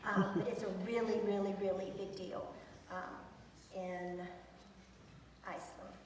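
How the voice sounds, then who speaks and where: A woman's voice: mid-range voice, steady tone, a little slow, a little hiss or hum. A woman teacher presenting to students, chatty and enthusiastic, with many ums. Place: large echoey school hall. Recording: echoey hall from far off.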